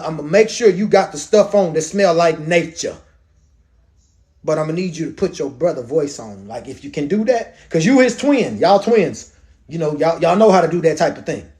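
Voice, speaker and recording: A man's voice: on the high side, expressive, a little fast, darkish tone, close to an everyday voice. A man voicing a scheming, protective mother who talks her son into her plan in a coaxing, bossy, slangy way. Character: scheming protective mother, middle-aged woman.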